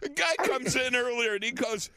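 A man telling a story in animated chat, excitable, often laughing and repeating himself. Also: very high-pitched, moderate pace, smooth.

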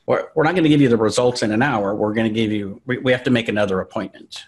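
Man, husky voice, middle-aged host, casual, agreeable. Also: lowish voice, fast. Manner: casual, agreeable, frequent restarts. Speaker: podcast host. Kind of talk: conversational interview.

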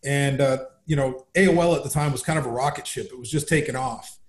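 A man telling his life story as a guest in an interview, upbeat and animated. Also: medium pitch, fast talker. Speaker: guest, business founder. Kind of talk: conversational storytelling. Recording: roomy echo.

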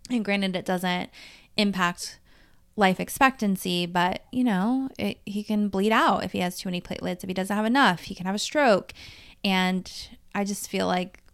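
Candid, chatty woman with a smooth voice. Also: mid-range voice. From Dallas-Fort Worth, Texas. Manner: chatty, candid, swearing freely, quickening and slowing as she tells a story. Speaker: life coach and podcast host. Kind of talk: casual solo podcast monologue.

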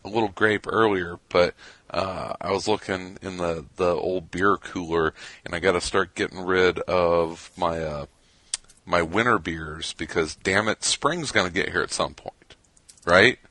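A man's voice: deep voice, fairly even intonation, a little slow, bright, forceful tone, dry recording. A man from Chicago co-hosting a podcast, chatting casually in a rambling way with many restarts. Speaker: podcast co-host. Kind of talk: casual chat.

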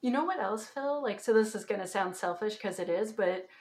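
A woman from Canada, a podcast guest chatting casually and telling animated stories with lots of fillers. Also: medium pitch, a little fast. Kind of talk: casual chat.

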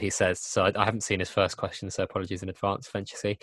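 A man's voice: sits low, little pitch movement, very fast, few pauses, fairly bright tone, dry recording. A young man hosting a casual podcast chat, talking in repeated, self-interrupting bursts. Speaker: podcast host. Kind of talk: casual chat over a video call.

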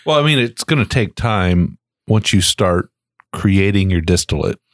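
A man's voice: deep voice, lively intonation, unhurried, no echo, clean studio sound. A man hosting a podcast interview who asks questions and lays out steps plainly. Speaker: podcast host.

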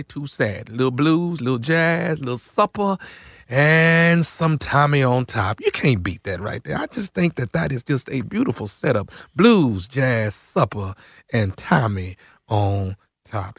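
A man with a bright, lively voice jokes on morning radio. He plays the preacher and drives call-and-response banter. The sound is dry and close. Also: mid-range voice, a little slow, no echo. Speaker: radio show regular. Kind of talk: casual radio banter, show plugs.

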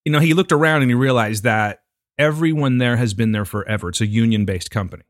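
A man's voice: medium pitch, fast talker, no room sound, clean studio sound. A man co-hosting a casual chat, joking and slipping into mocking impressions of other people. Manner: animated, puts on voices in mocking impressions. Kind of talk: casual banter.

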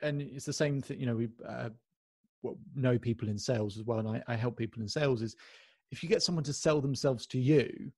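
A man's voice: medium pitch, brisk, a little mellow, husky, no echo. A man hosting a podcast interview, asking long, enthusiastic, rambling questions with many restarts. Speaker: podcast host.

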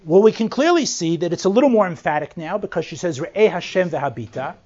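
A woman teaching a verse-by-verse Bible lesson. She reads Hebrew verses slowly, explains them in plain English and leads with rhetorical questions. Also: on the low side, very animated, a little mellow. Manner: asks rhetorical questions to lead the listener. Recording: slightly muffled lo-fi recording.

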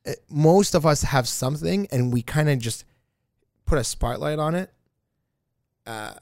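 A man's voice: fairly high pitch, unhurried, dry recording. Laid-back rambling man, dry close sound. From Arab heritage. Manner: relaxed, rambling, lots of fillers. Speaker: podcast co-host. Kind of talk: casual chat.

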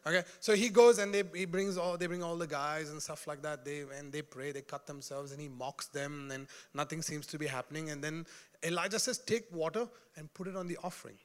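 A man preaching a sermon in an animated, joking way, often laughing and calling out to his congregation. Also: on the high side, a little fast, clear, resonant tone.

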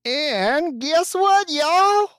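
A man's voice: extremely high pitch, lively intonation, very slow, fairly bright tone, no echo, clean studio sound. A male co-host putting on a playful, exaggerated mock Southern drawl. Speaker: podcast co-host.

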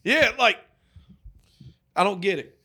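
A man co-hosting a podcast, telling stories in a loud, profane, animated way. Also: high-pitched, takes it slowly, breathy edge. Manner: animated, profane storytelling with acted-out quotes. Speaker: podcast co-host. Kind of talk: casual chat.

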